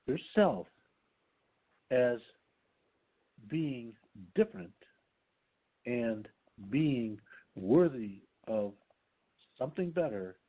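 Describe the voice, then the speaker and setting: A man delivers a spiritual message at a very slow, deliberate pace. His voice is husky and his pitch rises and falls a lot. It comes through a narrow, phone-like line. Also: animated.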